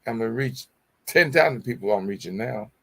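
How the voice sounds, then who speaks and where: A middle-aged man with a gravelly, fry-edged voice hosts a motivational talk show. He preaches at his listeners, repeats his key phrases and keeps calling them y'all. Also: medium pitch, animated, brisk, pushed and bright. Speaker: show host.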